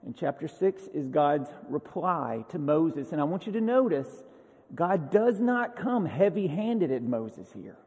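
Conversational preacher in a reverberant hall. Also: male voice, fairly high pitch, a little slow, husky. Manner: conversational, emphatic, paraphrases scripture in lively voices. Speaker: pastor. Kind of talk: sermon.

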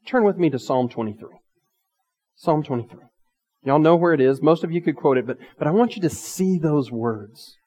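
Pastor, male, slightly high-pitched, earnest sermon delivery with slow scripture reading, big reverberant church sound. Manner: swings between loud emphatic lines and quiet asides; reads scripture aloud slowly and earnestly. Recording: long reverb of a large hall.

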